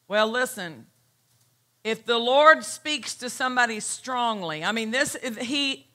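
A woman pastor preaching a sermon, emphatic and repeating her key phrases as she reads scripture slowly. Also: sits high, pushed and bright. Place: church.

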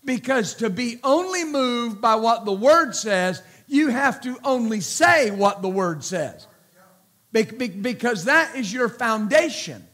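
A man preaching a sermon as pastor, slow and emphatic, repeating words and calling out praise between points. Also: very high voice, lively intonation, a bit bright.

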